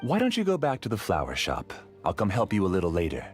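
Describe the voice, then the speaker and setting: An actor playing a courteous, scheming scholar in a game, smooth and quietly sinister. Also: male voice, low-pitched, wildly swooping pitch, fast talker, soft background music. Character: polite scheming man, scholar hiding secrets. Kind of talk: game character dialogue.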